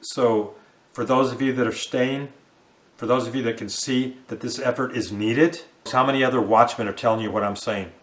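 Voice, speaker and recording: A man's voice: medium pitch, steady tone, moderate pace, a bit bright. A man in his fifties preaching a fiery end-times warning sermon, emphatic and repetitive, rising and falling in force.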